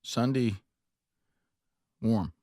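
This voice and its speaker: Animated storytelling radio host, dry studio. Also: male voice, medium pitch, very slow, no echo. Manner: animated storyteller, slips into a mock New York accent. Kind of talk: casual storytelling chat.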